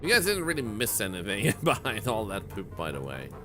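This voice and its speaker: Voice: medium pitch, huge pitch swings, a little fast, music in the background. A game streamer giving playful, silly live commentary and joking with chat.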